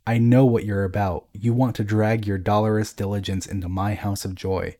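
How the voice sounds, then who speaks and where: A man voicing a boisterous drunken emperor who jeers loudly and bellows at those around him. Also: lowish voice, flat delivery, normal speed. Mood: mocking. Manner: loud, jeering, theatrical outbursts.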